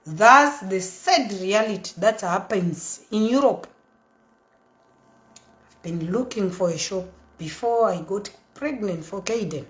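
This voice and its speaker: A woman in her thirties with a Zimbabwean accent, telling her story in a chatty, animated way that mixes English and Shona. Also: medium pitch, echoey room. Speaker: socialite vlogger. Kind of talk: casual storytelling monologue.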